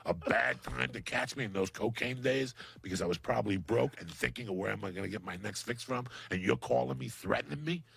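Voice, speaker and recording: A middle-aged man telling a profane, animated story as a guest comedian on a podcast. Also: medium pitch, brisk, creaky, few pauses, slightly rough, dry recording.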